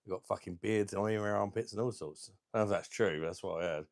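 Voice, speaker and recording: A man hosting a live stream, chatting casually and bluntly with viewers, crude and quick to laugh at his own jokes. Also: lowish voice, no echo, studio quality. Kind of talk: casual live chat reading viewer comments.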